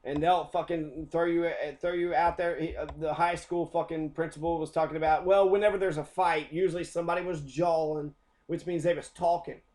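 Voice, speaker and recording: A man's voice: on the high side, steady tone, brisk, a little mellow. A young adult American man delivering a heated, profane rant, often repeating himself. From United States. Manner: profane, heated, repetitive ranting. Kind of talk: angry rant.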